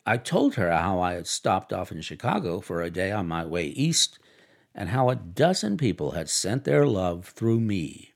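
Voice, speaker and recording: A man narrates a classic novel in a measured, expressive audiobook reading. His pitch rises and falls in a lively way, and his voice has a gravelly edge.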